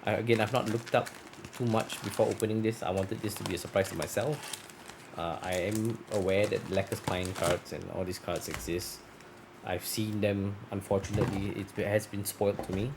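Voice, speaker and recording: A man with a voice on the low side and some vocal fry opens card packs while chatting casually at a moderate pace. His delivery is flat; he rambles and corrects himself, and his voice grows scratchy from long talking.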